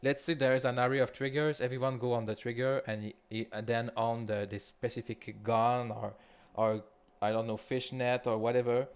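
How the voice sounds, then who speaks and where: A man from Quebec with a Quebec French accent, leading a live coding walkthrough in a halting, think-aloud way with frequent restarts. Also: medium pitch, clean tone. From Quebec, Canada. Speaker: developer leading a builder session.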